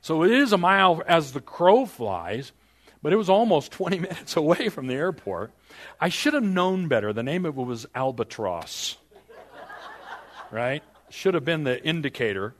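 A man's voice: fairly high pitch, sing-song, normal speed. An older man, a pastor, telling a personal story in a sermon, with self-deprecating humor, his voice rising and then dropping to a near whisper.

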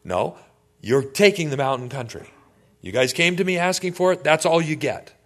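A man's voice: medium pitch, expressive, normal speed, natural voice. A man voicing an old leader in his eighties who answers complaints in a blunt, no-nonsense way. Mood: firm. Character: old male leader, firm and exasperated.

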